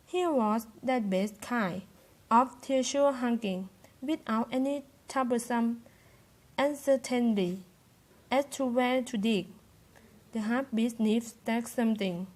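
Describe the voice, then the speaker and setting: Woman, Thai accent, slow, slightly high voice, halting reading, self-corrections. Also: a little mellow. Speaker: student reader. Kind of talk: reading a novel chapter aloud.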